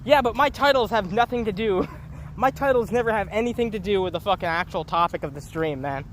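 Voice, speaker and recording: A man's voice: high-pitched, a little fast, fairly bright tone, slight background noise. A young man ranting into his phone on a solo livestream, rambling, profane and mocking himself. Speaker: streamer.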